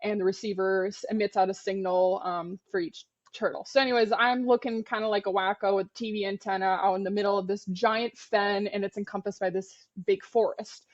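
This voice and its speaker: Woman, podcast co-host, casual storytelling, lively and blunt, mid-pitched voice, dull lo-fi sound. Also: a little fast. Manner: animated, frank, swears freely. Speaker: podcast co-host, turtle biologist.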